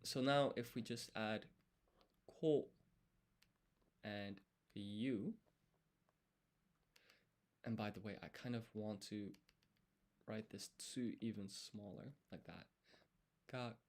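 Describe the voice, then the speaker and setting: A man studying on a live stream, thinking aloud as he writes and explaining each step in a deliberate, self-correcting way. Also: lowish voice. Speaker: language learner streaming his study.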